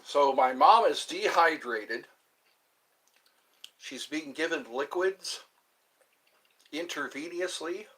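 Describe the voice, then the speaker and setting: A man's voice: on the high side, slow pace, pauses often, a bit bright, slightly rough, low-quality recording. A man live-streaming in a casual chat, reading viewer comments aloud and rambling playfully with frequent giggles.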